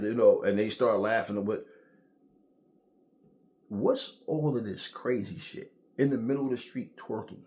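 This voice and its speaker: A man with a lowish voice rants casually to his viewers. He tells stories in a loose, profane way, full of slang and lively asides. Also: a little slow. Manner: profane, animated storytelling with slang. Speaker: boxing commentator. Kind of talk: casual rant to camera.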